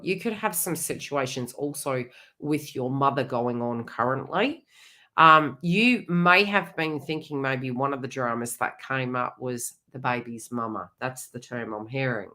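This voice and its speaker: Low-voiced, bright-toned psychic woman chatting. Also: unhurried. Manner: chatty, blunt, frank with mild swearing. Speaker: psychic medium host. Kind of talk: live psychic reading chat.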